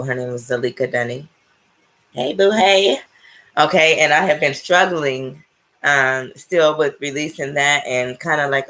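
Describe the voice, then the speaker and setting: Low-voiced woman telling a personal story. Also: a bit bright. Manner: emphatic, checks in with frequent "right?" and "okay?"; swears casually. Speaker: spiritual vlogger.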